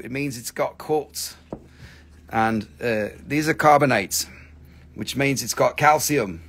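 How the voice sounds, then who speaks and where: Gravelly, profane man selling rocks live. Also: medium pitch, a bit bright. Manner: profane, joking, breaks into snippets of song. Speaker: live-stream crystal seller. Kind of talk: casual live sales chat.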